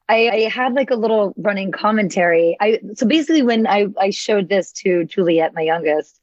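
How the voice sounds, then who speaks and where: A woman co-hosting a podcast, telling an animated story in casual chat and laughing often. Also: mid-range voice, no echo. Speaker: podcast co-host. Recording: dry, dull lo-fi sound.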